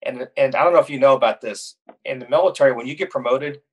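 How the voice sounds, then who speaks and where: Brief: middle-aged male guest spinning lively anecdotes, mid-pitched, dry and close. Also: fast talker, husky, no echo. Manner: animated storyteller, laughs at his own tales. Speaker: guest, corporate pilot. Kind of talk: casual storytelling chat.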